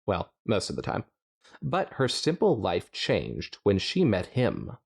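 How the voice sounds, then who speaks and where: A man's voice: fairly low pitch, huge pitch swings, slow pace, gravelly, breathy edge. A man co-hosting a podcast, reading fanfiction aloud with playful, jokey asides. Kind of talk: reading aloud with casual chat.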